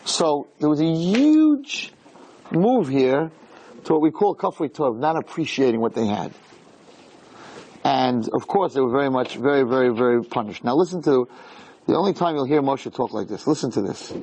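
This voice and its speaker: A man's voice: medium pitch, animated, normal speed, a little mellow, low-quality recording. A man giving a Torah lecture, emphatic and full of rhetorical questions.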